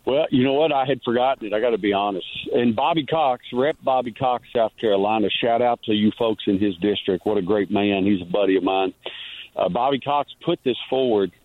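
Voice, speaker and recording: A man calling in as a guest journalist on a radio show, telling stories in a rambling, animated way over the phone. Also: on the low side, fairly quick, dry recording. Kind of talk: casual radio chat. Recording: tinny dry phone line.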